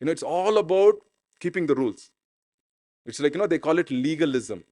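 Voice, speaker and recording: Man, pastor, casual conversational sermon, high voice, dry sound. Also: animated, a little fast, darkish tone, dry recording. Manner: informal, conversational preaching. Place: church.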